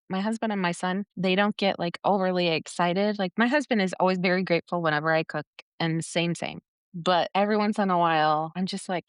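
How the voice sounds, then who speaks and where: Woman, podcast co-host, casual chat, low pitch, blunt, laughing, dry close recording. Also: clean tone, no echo. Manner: laughs often, blunt and profane.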